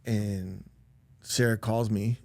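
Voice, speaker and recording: A man's voice: fairly low pitch, fairly even intonation, slow, gravelly, a little mellow, no echo. A middle-aged man, a podcast guest, telling a personal story in a casual, rambling way full of "like" and with emotional swings.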